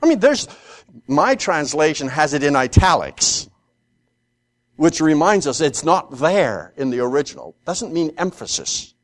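A man teaching through a scripture passage, acting out the characters' lines and often repeating words while thinking aloud. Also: a little slow. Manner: animated, acts out the characters' lines with rising pitch. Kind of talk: expository Bible teaching.

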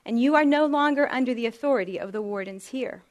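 Gentle, loving young prince, soft-spoken and reassuring; a woman voices him. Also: a little high, quick pace, lightly acted. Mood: tender. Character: gentle loving young man, a king's son.

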